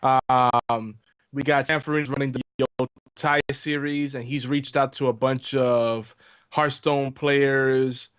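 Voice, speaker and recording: A man's voice: medium pitch, flat delivery, slow, fairly bright tone, clean tone, no echo. A man co-hosting a live gaming stream, talking casually and plainly about upcoming content. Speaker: podcast co-host.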